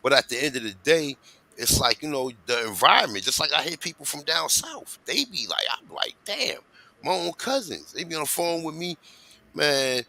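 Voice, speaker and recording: Bright, streetwise New Jersey man. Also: fairly high pitch, brisk, poor audio. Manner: streetwise, says "you know what I'm saying" a lot. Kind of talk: casual livestream talk.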